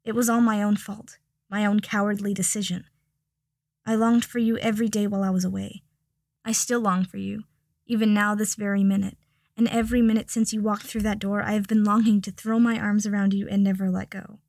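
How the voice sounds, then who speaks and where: Heartfelt young wizard read by a woman, slightly gravelly, close and dry, audiobook. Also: mid-range voice, little pitch movement, brisk, a little mellow, no echo, close to an everyday voice. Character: wry, tender young wizard man in love.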